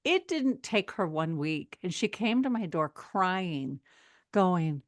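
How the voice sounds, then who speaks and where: A woman's voice: lowish voice, lively intonation, slow, no echo. A woman in her sixties talks casually on a health show. She tells stories with animation and slips into the voices of the people she quotes. Her voice sounds dry and close, with no room sound. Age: 60s. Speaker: health podcast co-host. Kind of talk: casual chat.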